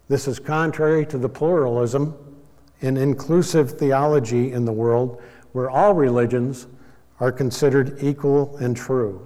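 Male preacher, mid-pitched, teaching in a calm, explanatory way; reverberant hall. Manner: measured, explanatory, with small self-corrections. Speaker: Bible teacher. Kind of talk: sermon.

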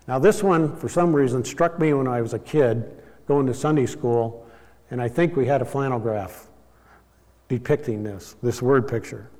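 A man giving a sermon as a Bible teacher, explaining in a measured way and now and then correcting himself. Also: mid-range voice, dark tone, big-room sound.

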